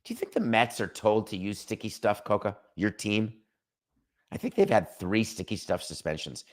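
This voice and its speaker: A man's voice: fairly low pitch, huge pitch swings, normal speed. A middle-aged man hosting a sports talk show, ranting in an opinionated, sarcastic monologue. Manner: sarcastic, emphatic, rants with mock quotes.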